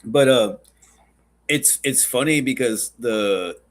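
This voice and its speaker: A man's voice: mid-range voice, slow pace. A man hosting a podcast, chatting casually in a rambling, joking and profane way. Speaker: podcast host.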